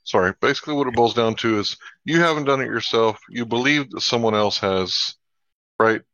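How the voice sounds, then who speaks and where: A man's voice: mid-range voice, a little fast, a bit bright, no room sound. Insistent male live-stream host, dull lo-fi sound. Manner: pointed, insistent questioning. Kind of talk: debate-style questioning.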